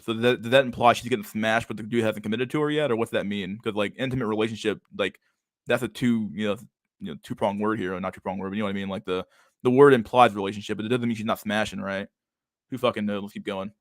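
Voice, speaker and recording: A man's voice: fairly low pitch, quick pace, no echo, clean studio sound. A young man hosting a casual livestream, talking over videos in a rambling, profane way and repeating his words. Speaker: streamer host.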